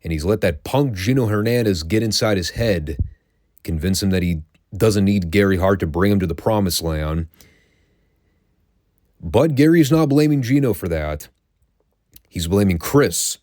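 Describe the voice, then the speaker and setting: A man's voice: low voice, darkish tone, no echo, clean studio sound. A man hosting a show, giving a casual, wry recap of old wrestling episodes and swearing now and then. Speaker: podcast host reviewing classic wrestling.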